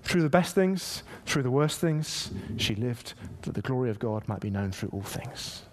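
Guy preaching a sermon, reads scripture, gets loud and punchy on the quotes. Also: medium pitch, normal speed, background noise. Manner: animated, emphatic preaching with dramatic voiced quotes. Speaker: pastor.

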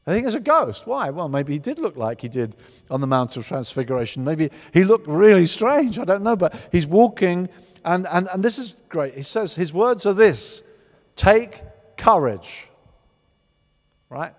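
A man preaching a sermon as a pastor, emphatic and animated, often repeating words for stress. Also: high-pitched, moderate pace. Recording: long hall reverb.

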